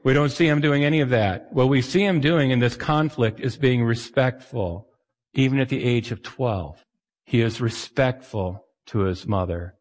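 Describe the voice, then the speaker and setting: A male pastor preaches in a casual, talky way and slips into little acted voices for the people in his story. His voice sits at an ordinary middle pitch. A long hall reverb trails behind every word. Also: moderate pace. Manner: conversational, animated, acts out quoted voices. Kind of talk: sermon.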